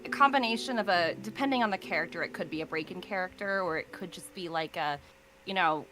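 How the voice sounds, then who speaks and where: A woman's voice: on the low side, quick pace, over music, rough recording. A woman voice actor chatting as an interview guest, rambling with many fillers and easy laughs. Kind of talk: casual interview chat.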